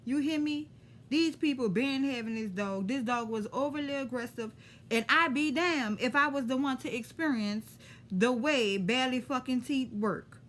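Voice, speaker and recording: High, bright New Orleans woman telling a story. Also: normal speed. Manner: animated, profane, street slang. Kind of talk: casual storytime.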